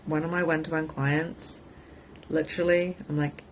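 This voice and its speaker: A middle-aged woman with a fairly low voice, coaching her viewers in a loose, chatty livestream. She gets animated, laughs often and drops casual swear words. A faint hiss sits under her voice. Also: normal speed. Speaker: spiritual coach.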